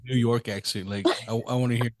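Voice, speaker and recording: A man's voice: mid-range voice, fairly even intonation, quick pace, darkish tone. Joking, crude-talking man host. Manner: joking and crude, playful swearing. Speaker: podcast host. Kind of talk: casual podcast chat.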